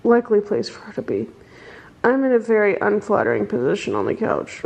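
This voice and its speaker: A woman's voice: medium pitch, sing-song, a little fast, a little mellow. A young woman vlogging casually about her reading, chatty and rambling with lots of fillers. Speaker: book vlogger. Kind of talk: casual vlog chat.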